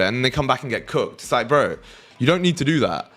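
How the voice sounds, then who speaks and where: A young British man hosts a live trading stream, trading jokes with his chat, swearing freely and laughing often. He speaks quickly with few pauses, in a mid-range, fairly bright voice full of big pitch swings.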